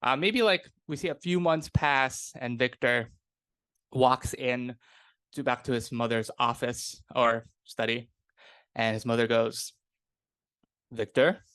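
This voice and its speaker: Slow, rambling male game master. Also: mid-range voice, smooth, dry recording. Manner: relaxed and rambling, with many fillers. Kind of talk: narrating a tabletop game.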